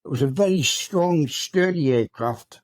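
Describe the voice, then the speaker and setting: A hundred-year-old man recounting his wartime memories as an interview guest, speaking in a halting, unhurried way with many fillers. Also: fairly high pitch, lively intonation, darkish tone, no room sound. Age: 100. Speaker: RAF veteran guest.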